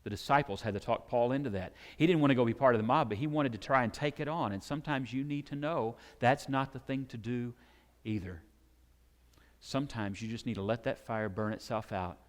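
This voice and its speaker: Man preaching in a reverberant church. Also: mid-range voice. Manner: animated, acts out crowd shouts and quotes. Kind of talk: sermon. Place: church sanctuary. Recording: long hall reverb.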